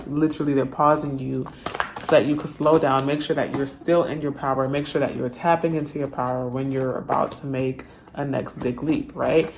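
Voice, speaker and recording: Woman, tarot reader, low voice, casual and slangy, faint hiss behind. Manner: chatty, slangy, talks straight to viewers. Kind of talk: casual tarot reading to camera.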